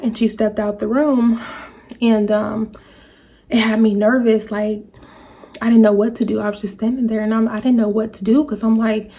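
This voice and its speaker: A woman in a vlog telling a personal story to her viewers, speaking in a halting, emotional way. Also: fairly high pitch, dark tone. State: tearful at times. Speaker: vlogger. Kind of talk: personal story told to camera.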